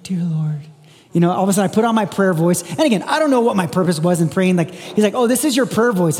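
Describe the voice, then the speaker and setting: A pastor with a high voice preaches a sermon in a church whose hall is reverberant, his delivery earnest and conversational, with frequent restarts.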